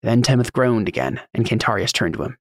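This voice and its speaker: A man narrating a fantasy audiobook in a steady, even storytelling read. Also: mid-range voice, a little fast, vocal fry, no room sound, clean studio sound.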